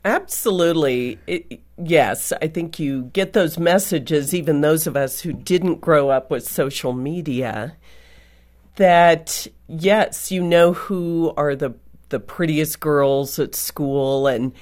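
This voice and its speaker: A woman co-hosting a radio interview, sharing a personal story in an unhurried way. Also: low voice, darkish tone.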